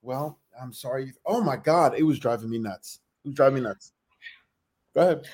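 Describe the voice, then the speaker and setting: A man's voice: medium pitch, a little fast. A man co-hosting a casual reality TV recap, talking animatedly and acting out what people said, with some swearing. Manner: animated, acts out quotes, swears. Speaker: podcast co-host.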